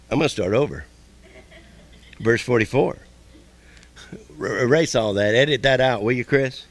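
A man preaching a sermon as pastor, folksy and repetitive, with quick asides to the congregation. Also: mid-range voice, very animated, dry recording.

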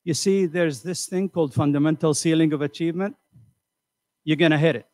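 An older man giving a motivational seminar, animated and conversational, asking the audience questions and acting out voices. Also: on the high side, brisk, no room sound, studio quality. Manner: animated, acts out quoted voices. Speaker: seminar speaker. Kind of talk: motivational lecture. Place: community center hall.

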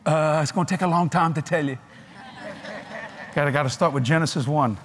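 An older man preaching a sermon at a large convention, animated and folksy, laughing between points. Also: a little high, brisk, long pauses, slightly rough.

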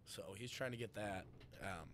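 A young man chatting as a podcast guest, telling an animated story full of laughs and swearing. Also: on the low side, moderate pace, a little hiss or hum. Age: young adult. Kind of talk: casual chat.

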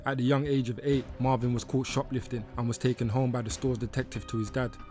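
A man narrating a documentary in a steady, scripted read. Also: mid-range voice, fast. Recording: narration over faint music.

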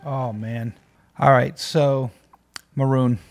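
A man's voice: medium pitch, fairly even intonation, moderate pace, darkish tone. A man hosting a music reaction video, talking casually and enthusiastically with many fillers and restarts.

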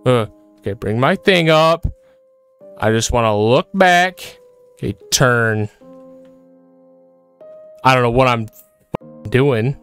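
A man's voice: medium pitch, expressive, slow, long pauses, a bit bright, clean tone, faint music behind. A man commenting as he plays a horror game, jittery and repeating himself, breaking into frightened yelps. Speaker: gaming video creator.

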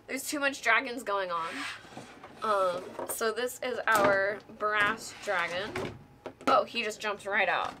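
A woman hosting a casual show-and-tell vlog, gushing and excitable with plenty of filler words. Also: mid-range voice, heavy background noise. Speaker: guest host showing board game miniatures.

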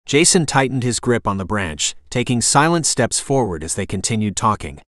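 A man reads an audiobook in a steady, measured storytelling voice. His pitch is ordinary for a man, and the recording is dry and close, with no room sound. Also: no echo. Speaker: audiobook narrator. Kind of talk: scripted narration.

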